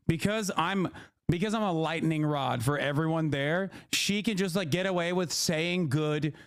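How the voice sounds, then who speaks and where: A man streaming as he reacts to a clip of his own TV debate, talking in a profane, animated and mocking way. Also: on the high side, moderate pace, clean tone. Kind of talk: casual livestream commentary.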